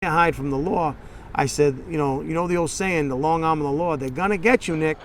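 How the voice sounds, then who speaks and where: A man's voice: fairly high pitch, fast, background noise. A middle-aged man in a documentary interview, telling a story with animation and acting out both sides of phone calls. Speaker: interviewee, former state representative.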